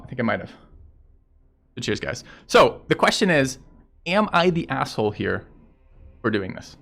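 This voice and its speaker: A man's voice: mid-range voice, vocal fry, sharp tone. A man streaming and telling a story in casual chat with viewers, blunt and profane as he rants about a road dispute.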